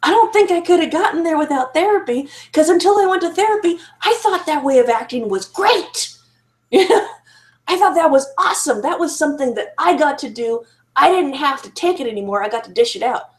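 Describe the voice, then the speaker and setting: A woman's voice: sits high, animated, a little fast. Frank woman confessing her past. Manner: frank, emotional, self-critical, with laughs and restarts. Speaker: survivor sharing her story. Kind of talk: candid personal monologue to camera.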